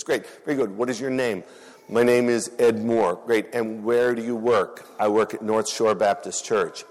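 A man's voice: mid-range voice, darkish tone. A man preaching a sermon as a pastor, telling stories with earnest emphasis and repetition. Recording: reverberant hall.

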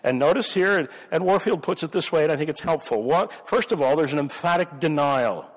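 Male preacher with a slightly high voice, teaching verse by verse and leaning hard on key words; recorded in a reverberant hall. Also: animated, brisk. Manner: emphatic, builds up stress on key words. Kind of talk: sermon teaching.

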